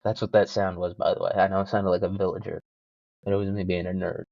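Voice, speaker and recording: A man's voice: sits low, level tone, quick pace, gravelly, no room sound, highs cut off. A young man hosting a solo podcast, rambling casually with lots of swearing and self-mocking jokes. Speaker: podcast host.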